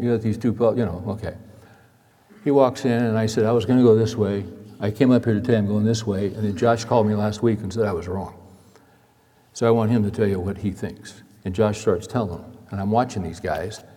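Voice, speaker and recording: A man's voice: on the low side, fairly quick, mellow, big-room sound. A middle-aged man telling a story in a sermon, in a chatty, folksy way. He sounds worn out.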